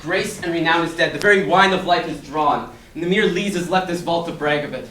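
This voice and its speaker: A teenage boy in a school stage performance, reciting lines in a measured way. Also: on the high side, fairly bright tone, a little hiss or hum. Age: teens. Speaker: student actor as Macbeth. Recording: echoey room, distant mic.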